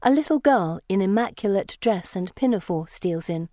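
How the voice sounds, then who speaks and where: A woman narrates a first-person storybook in a measured, lyrical way, with a voice of middle pitch. The recording is dry and close, with no room echo. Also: lively intonation, warm tone. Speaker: audiobook narrator.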